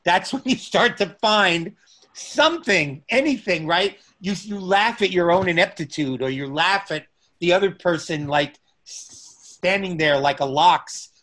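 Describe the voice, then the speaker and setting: A middle-aged man spinning a long anecdote in conversation, taking his time. His voice sits a bit high for a man, and he drawls along slowly, stopping and restarting his phrases as he thinks. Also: fairly bright tone. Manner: unhurried, pausing often, restarting phrases. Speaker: guest recounting stand-up comedy memories. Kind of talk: conversational storytelling.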